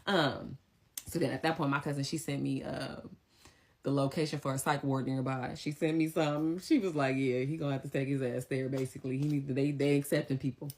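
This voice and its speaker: Low-voiced woman telling a story. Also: fairly quick. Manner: animated, emphatic retelling with sharp pitch jumps for quoted lines. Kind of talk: casual storytime.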